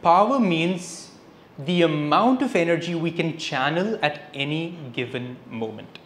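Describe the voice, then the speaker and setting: Lively man lecturing. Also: on the high side, a little slow. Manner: lively storyteller, switching between English and Hindi phrases. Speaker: spiritual lecturer. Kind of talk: public spiritual lecture. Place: lecture hall, indoors. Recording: echoey hall with faint noise.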